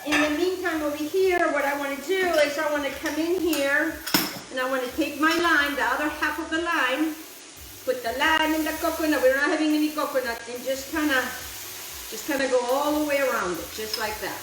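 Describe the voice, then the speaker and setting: A chatty woman walks her viewers through a recipe with real enthusiasm and slips Italian phrases in as she goes. Her voice sits high, and it carries a roomy echo over faint background noise. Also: brisk. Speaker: cooking show host. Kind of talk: casual cooking demonstration. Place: outdoor kitchen, windy.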